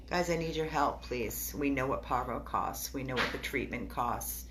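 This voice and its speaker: A woman's voice: very deep voice, animated, moderate pace, few pauses, noisy background. A tearful, upset woman giving an emotional video update to her viewers from an animal hospital exam room, pleading and repeating herself. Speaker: dog rescuer.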